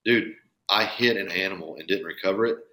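A man's voice: low-pitched, a little fast, bright, forceful tone. A man talking earnestly and emphatically on a casual podcast, swearing now and then. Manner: earnest, emphatic, profane at times. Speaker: podcast guest, bowhunter.

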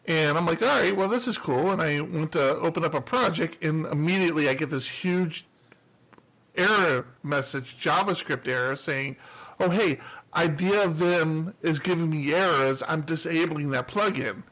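A man's voice: a little high, normal speed, a bit bright, low-quality recording. A man co-hosting a podcast, telling a story in casual chat, acting out his own reactions and laughing at himself. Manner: laughs often, self-mocking. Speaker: podcast co-host.

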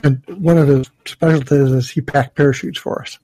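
Male co-host, mid pitch, warm dark tone, easygoing storyteller. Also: steady tone, moderate pace, no echo. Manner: easygoing storyteller, frequent "you know". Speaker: podcast co-host. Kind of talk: casual podcast chat.

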